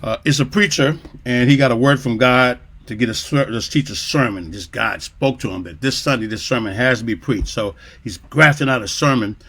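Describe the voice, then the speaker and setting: A man hosting an interview, trading jokes with quick punchlines in a casual chat. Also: medium pitch, sharp tone, breathy edge. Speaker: host. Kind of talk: casual joke telling.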